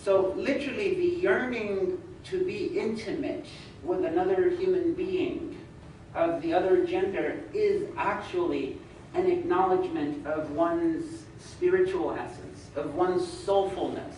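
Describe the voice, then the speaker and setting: A man giving a measured religious lecture, laying out numbered points and reciting scripture in Arabic. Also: high voice, darkish tone, a little hiss or hum. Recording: echoey hall, speaker far from mic.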